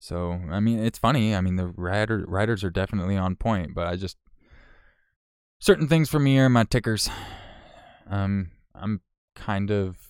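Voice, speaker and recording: A man's voice: on the low side, normal speed, smooth, no room sound, studio quality. A man casually chatting on a live stream, frank and profane, rambling with restarts as he answers viewers.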